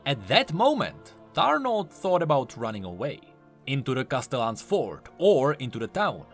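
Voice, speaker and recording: A man narrates a scripted dark fable with dramatic, expressive delivery. His pitch rises and falls freely from line to line. Soft music plays underneath. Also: normal speed. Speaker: lore narrator.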